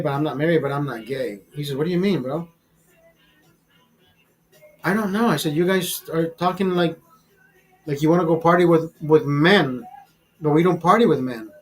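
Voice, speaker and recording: High-voiced, profane man rambling casually. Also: rough recording. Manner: profane, rambling, many restarts; calls the listener brother. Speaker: channel host. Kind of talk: casual storytelling over a beer.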